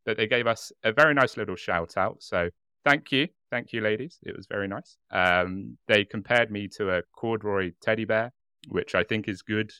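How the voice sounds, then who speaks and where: A British man in casual podcast chat, his low voice bright and clean. He laughs easily and talks on in a chatty way, recorded dry on a close mic. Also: moderate pace, smooth, dry recording. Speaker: podcast co-host.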